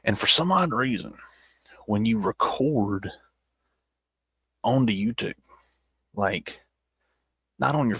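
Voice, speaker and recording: A man's voice: lowish voice, gravelly, fairly bright tone, slightly rough, no room sound. A man with a Southern accent chatting casually as he looks back on his old videos, rambling and poking fun at himself. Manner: rambling and self-mocking, with many restarts. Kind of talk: casual chat.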